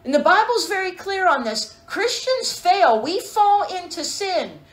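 A woman's voice: extremely high pitch, big pitch swings, a little slow. Echoey emphatic woman preacher. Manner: emphatic, calls for amens, rhetorical questions. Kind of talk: sermon.

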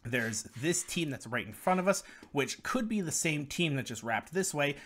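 A man's voice: a little high, animated, normal speed, fairly bright tone. A young man commentating over gameplay footage, explaining strategy to viewers in a guide. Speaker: gaming guide creator.

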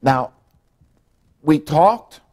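A man's voice: on the high side, expressive, drawn-out words, a little mellow. Middle-aged pastor guy preaching, folksy, acts out the quotes, voice swings all over. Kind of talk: sermon.

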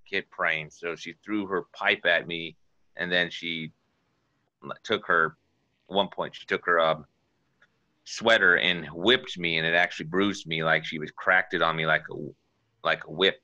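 A man's voice: sits low, fairly even intonation, normal speed, bright, forceful tone, no room sound. A man sharing an earnest, rambling testimony, quoting scripture as he preaches informally. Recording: dull lo-fi dry sound.

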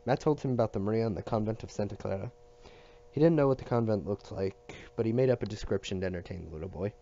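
A man reading a novel aloud at a steady pace, with small restarts and slips. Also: on the low side, fast, lo-fi sound. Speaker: audiobook reader.

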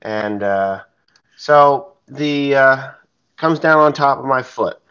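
A farmer tells a story in a casual, blunt way and swears freely. His voice sits in a middle pitch range. The recording is slightly dull and lo-fi. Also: slow, a bit bright, clean tone. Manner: blunt and profane, plain-spoken. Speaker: farmer telling a personal story.

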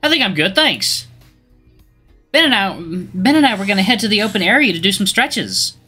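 A man voicing a tough, competitive young woman athlete with a blunt, sharp-tongued manner, reading video game dialogue aloud. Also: high-pitched, expressive, normal speed, husky, soft background music, voice pushed up, exaggerated voice. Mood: irritated.

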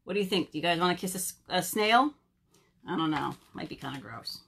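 A woman's voice: lowish voice, lively intonation, a little fast, fairly bright tone, husky. A young woman, a children's librarian, leading a virtual storytime and asking kids questions in a playful way. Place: home or library, on video.

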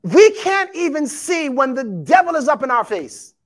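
A man preaching a sermon to his congregation, animated and emphatic, acting out quotes and calling out to the listeners. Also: very high voice, normal speed. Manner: addresses congregation as beloved and y'all.

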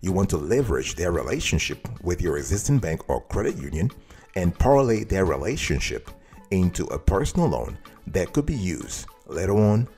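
A man's voice: deep voice, big pitch swings, normal speed, darkish tone, soft background music. A man hosting a financial advice tutorial, speaking emphatically and addressing the viewer directly. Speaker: host giving financial advice.

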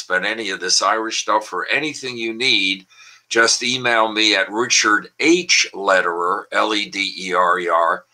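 A man's voice: sits low, pushed and bright, low-quality recording. An older man in casual chat over a video call, telling puns and jokes with lots of filler words. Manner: chatty, with frequent filler words and pun-laden asides. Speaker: language columnist and guest. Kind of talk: casual online wordplay talk.

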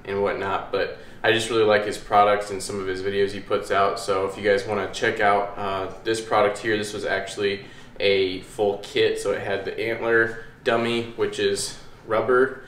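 Relaxed man explaining in an echoey room. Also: fairly low pitch, normal speed, hardly any pauses. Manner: easygoing, rambling with fillers. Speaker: dog trainer, channel host. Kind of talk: casual how-to explanation. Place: indoors at home by a hallway. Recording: echoey room, faint room noise.

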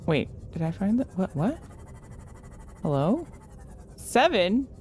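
A woman's voice: mid-range voice, very animated, slow, over music. A young woman commenting nervously on a game as she plays, talking to creatures and swinging between shrieks and whispers. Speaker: gamer.

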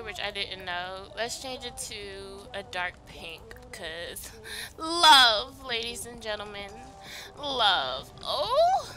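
A woman hosting a life-sim gameplay video, chatting casually and gushing excitedly to her viewers. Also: medium pitch. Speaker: let's play host. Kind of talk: casual gaming commentary.

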